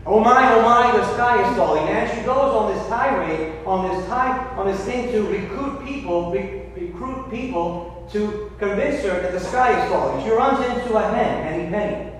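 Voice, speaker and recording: In his sermon, a high-voiced Catholic priest tells a fable, restarting at times and slowing emphatically to drive his points home. The distant recording captures a big church's long reverb, faint room ambience and slight background noise.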